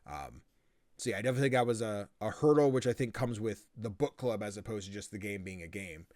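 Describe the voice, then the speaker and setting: Animated young male podcast host. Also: lowish voice, quick pace, no room sound, studio quality. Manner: animated, quotes himself and others in lively voices. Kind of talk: casual chat.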